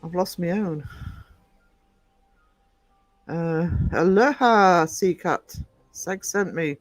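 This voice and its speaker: Chatting with his live-stream viewers, a man calls them sweetie and darling in a warm but scattered manner, frequently saying "um" and drifting off while reading messages. He has a high voice and draws out his words. There's no room sound, just soft background music.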